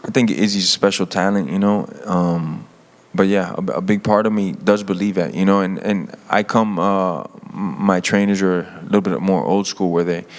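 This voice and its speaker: A man's voice: low-pitched, steady tone, moderate pace. A man answering press questions as a fighter, casual and loose, often saying "you know".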